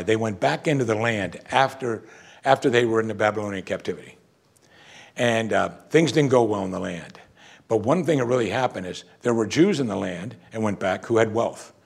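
A man's voice: on the low side, creaky, slightly rough. A man preaching a sermon as a pastor, talking in a conversational way and asking his listeners rhetorical questions.

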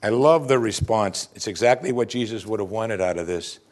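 A man's voice: lowish voice, brisk, darkish tone. A male pastor giving an expository sermon full of rhetorical questions.

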